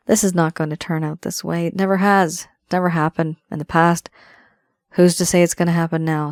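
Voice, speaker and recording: A woman's voice: fairly low pitch, no echo, clean studio sound. A woman reading tarot cards to her viewers, musing and intuitive as she speaks straight to them. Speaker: tarot reader. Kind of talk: solo tarot card reading to camera.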